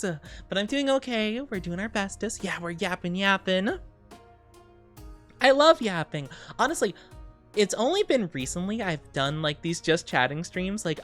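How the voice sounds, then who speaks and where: Brief: low-voiced young woman streamer, under the weather, giggly and rambling, faint music behind. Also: fairly bright tone. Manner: giggly, rambling, self-conscious. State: sick, dizzy, under the weather. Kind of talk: casual chat.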